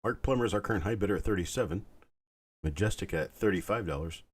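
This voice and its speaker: A man hosting a live online coin auction, calling bids in a calm, soothing, unhurried way. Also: sits low, slightly rough. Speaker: auctioneer host.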